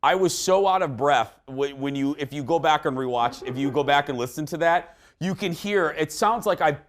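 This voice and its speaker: A man in his forties hosting a live morning talk show in an upbeat, chatty way. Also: a little high. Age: 40s. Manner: upbeat and chatty, quick asides. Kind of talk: lively morning show chat. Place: TV studio with live audience.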